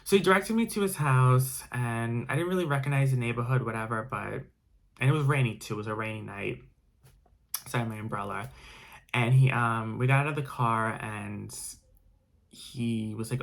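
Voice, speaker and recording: A man's voice: medium pitch, a little fast, gravelly. Guy rambling through a storytime vlog, lots of ums and restarts. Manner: casual, rambling with many restarts and fillers. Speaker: vlogger.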